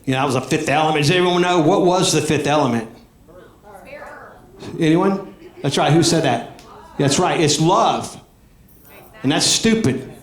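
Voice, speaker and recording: A man with a Southern US accent doing animated, high-energy stand-up comedy on a club stage. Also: moderate pace, long pauses. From American South. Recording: echoey club with crowd and noise. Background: laughing audience.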